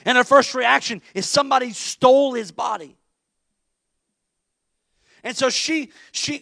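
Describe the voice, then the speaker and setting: A middle-aged male pastor preaching an impassioned sermon, swinging from shouts down to near-whispers. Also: extremely high pitch, fairly even intonation, normal speed, gravelly, long pauses, dry recording.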